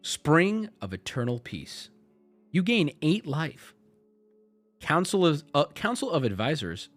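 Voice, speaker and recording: A very animated male streamer opens card packs live, chatting casually and joking at a slow pace. His pitch swings widely, and he breaks into shouts when a rare card shows up. Faint music plays underneath.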